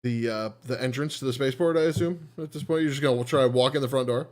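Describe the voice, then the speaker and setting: A man's voice: medium pitch, quick pace, darkish tone. A man acting as game master, narrating a tabletop role-playing game in an easygoing way, thinking aloud with fillers.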